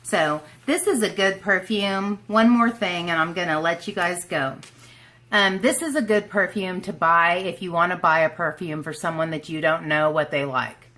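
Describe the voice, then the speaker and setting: Chatty bright-toned woman with an Oklahoma twang. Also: lowish voice, normal speed. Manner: chatty, self-deprecating, rambling with asides. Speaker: beauty vlogger. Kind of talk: casual chat to camera.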